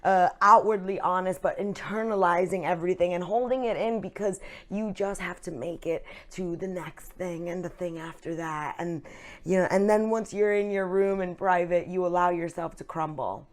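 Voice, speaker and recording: A woman's voice: on the low side, moderate pace. A woman, an actress, speaking openly and earnestly about her feelings in a casual interview chat, with plenty of fillers. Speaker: actress, guest.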